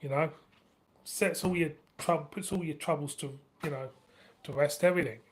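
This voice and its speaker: A man's voice: fairly high pitch, moderate pace. A middle-aged man with a northern English accent, chatting casually on a live stream, laughing often and swearing freely. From northern England. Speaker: beer review channel host.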